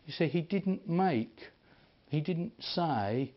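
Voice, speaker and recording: A man preaching, telling stories in an animated way and acting out the people he quotes. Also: fairly high pitch, takes it slowly. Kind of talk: sermon storytelling. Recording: dull lo-fi recording.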